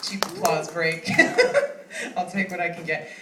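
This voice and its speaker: A woman's voice: fairly low pitch, steady tone, a little slow, background noise. A woman in her thirties doing stand-up comedy, chatty and self-mocking, laughing often. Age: 30s. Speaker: stand-up comic. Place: comedy club stage. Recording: echoey room, mic at a distance.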